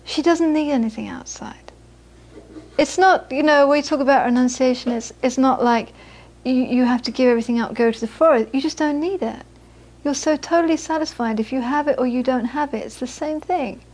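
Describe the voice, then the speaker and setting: Brief: woman, Buddhist teacher with a high voice, animated storyteller who turns gentle and earnest in teaching. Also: a little fast, hardly any pauses. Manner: lively storytelling, acts out the people she quotes. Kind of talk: dharma talk to a small audience.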